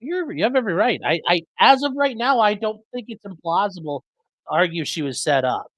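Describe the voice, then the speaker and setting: A man's voice: high voice, lively intonation, brisk, a bit bright, dry recording, lo-fi sound. Guy rambling on his live stream, bouncy voice, pretty dry sound. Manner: chatty, rambling, fixing mic settings mid-stream. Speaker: livestream host reading chat. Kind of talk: casual live commentary. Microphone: streaming desk mic.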